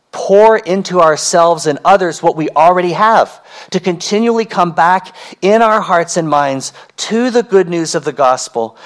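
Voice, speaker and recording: Preaching as a pastor, a man with a voice on the high side delivers an earnest, emphatic sermon. Key phrases come back again and again as he alternates stretched-out words with rapid bursts.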